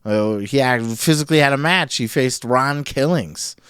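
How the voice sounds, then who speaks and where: A man reviewing a wrestling show in casual solo commentary, profane and animated, laughing often. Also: medium pitch, normal speed, clean tone, no room sound, studio quality.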